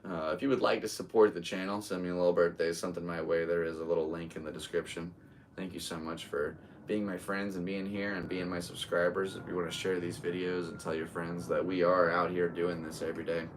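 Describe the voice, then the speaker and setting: Low-voiced American man rambling casually. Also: little pitch movement, fairly quick, far from the mic, a little hiss or hum. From United States. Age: 30s. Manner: rambling, easygoing, talks to viewers. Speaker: podcast host and stand-up comedian. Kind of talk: casual solo livestream chat.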